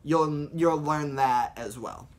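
A man's voice: fairly high pitch, slow pace. A young man in his late teens chatting casually as a vlogger about voice impressions, rambling and upbeat with lots of fillers. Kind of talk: casual tutorial chat.

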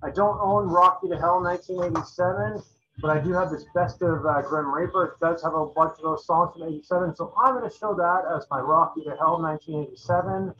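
A man's voice: on the high side, brisk, pushed and bright. A man casually running through albums he owns, talking in a loose, rambling way with many fillers and restarts. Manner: enthusiastic metal fan talk. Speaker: channel host reviewing albums. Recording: dull lo-fi recording.

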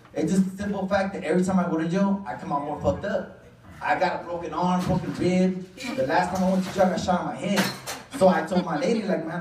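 A man's voice: high-pitched, darkish tone, a little hiss or hum. Chicano english guy doing stand-up, swears a lot, rambles about himself, mic kinda far, echoey club. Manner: profane, rambling, self-deprecating storytelling. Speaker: stand-up comedian. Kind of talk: stand-up comedy set. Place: comedy club stage. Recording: roomy club sound, mic far off, crowd laughing. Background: audience laughter.

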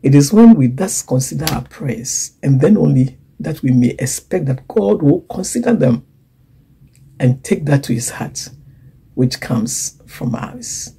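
A woman preaching a sermon, swinging from loud emphasis to hushed whispers and acting out the voices she quotes. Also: low voice, expressive, normal speed, gravelly, slightly rough, rough recording. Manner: acts out quoted voices and laughs between points.

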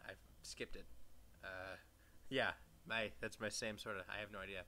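A man's voice: on the low side, animated, normal speed, bright, forceful tone. Sarcastic, swearing male gamer. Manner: sarcastic, profane joking. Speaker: let's play gamer. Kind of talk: casual gameplay commentary.

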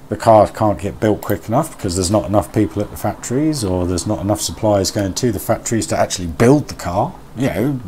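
Male streamer, deep voice, easygoing chat with viewers, thinks aloud, faint background noise. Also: expressive, fast, few pauses, dark tone. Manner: chatty, reads and answers chat aloud, mutters while working. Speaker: live streamer. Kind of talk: casual live-stream chat while building in a game.

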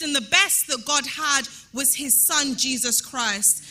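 Slow, high, bright-voiced woman preaching. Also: faint music behind. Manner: emphatic, repeats rhetorical calls, rises to shouting. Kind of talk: sermon. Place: church.

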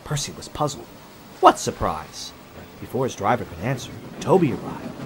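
A man narrating a children's railway story in an expressive storybook style, over background music. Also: medium pitch, fast talker, a little hiss or hum.

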